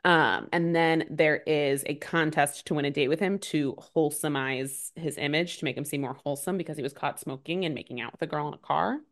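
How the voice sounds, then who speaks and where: Woman co-host, slightly low voice, quick sarcastic movie recapper. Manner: animated, sarcastic, fast recapping with many "like"s. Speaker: podcast co-host. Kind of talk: casual chat.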